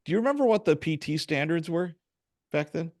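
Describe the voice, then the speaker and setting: A man who is a former police officer, hosting a podcast in a casual interview chat and telling stories in a lively way. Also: a little high, fairly quick. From Wisconsin, USA. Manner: lively storyteller who acts out quotes.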